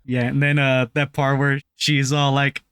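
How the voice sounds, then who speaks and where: A man's voice: medium pitch, unhurried, clean tone, dry recording. A man co-hosting a podcast, casually reviewing a film and acting out lines from its scenes. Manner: animated retelling, acts out quotes from scenes. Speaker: podcast co-host. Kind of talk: casual movie review chat.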